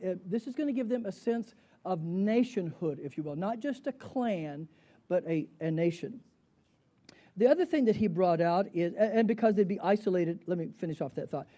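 A man's voice: high-pitched, mellow. A middle-aged man teaching a Bible class in a conversational way, asking his students questions and answering them himself. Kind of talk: Bible study lecture.

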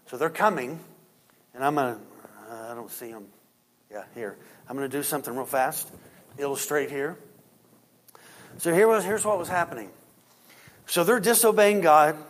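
A man preaching a sermon in a fairly high voice. He leans into key points with rising force and drops to a low, hushed tone when reading scripture aloud. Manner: preaching with rising emphasis, then dropping quiet for scripture reading. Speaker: pastor.

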